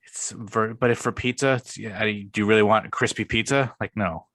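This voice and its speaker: A young man with a somewhat low voice talks in a casual podcast conversation. He is blunt and argumentative and swears freely. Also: fairly even intonation, moderate pace, a bit bright. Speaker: podcast co-host. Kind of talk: casual chat.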